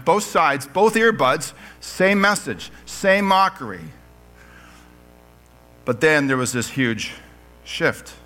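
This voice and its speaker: A man's voice: a little high, pushed and bright. A man preaching a sermon in church, reading scripture aloud and joking with his congregation. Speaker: pastor.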